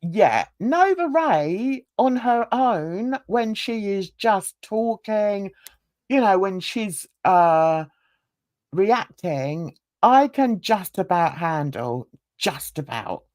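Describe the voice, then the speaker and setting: A woman's voice: medium pitch, very animated, extremely slow, a little mellow, no echo, clean studio sound. A woman on a livestream panel, chatting casually, laughing often and mimicking other people's voices.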